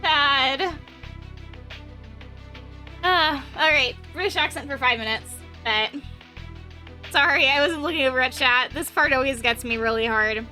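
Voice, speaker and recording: Bubbly high-voiced woman streamer. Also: measured pace, pauses often, bright, forceful tone, faint music behind. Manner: bubbly, gushing, giggly. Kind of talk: let's play commentary.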